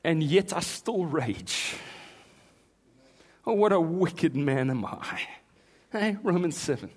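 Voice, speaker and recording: A man preaching, his voice sitting a little high for a man. He reads scripture slowly and deliberately, then breaks into animated bursts. His delivery jumps between hushed reflection and loud excitement. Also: husky. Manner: animated, with sudden shouts and laughs. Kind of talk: sermon.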